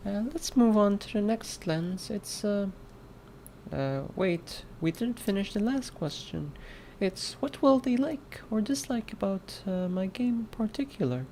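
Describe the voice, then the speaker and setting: A man putting on the soft, halting voice of a timid four-year-old boy. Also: high voice, creaky, slight background noise, pitched above the performer's own voice, heavily acted.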